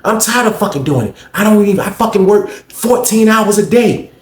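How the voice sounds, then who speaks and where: A man's voice: sits high, lively intonation, moderate pace. A man voicing a fed-up wife who scolds and cusses in exasperation, recorded in an echoey room. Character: fed-up woman, wife working long shifts.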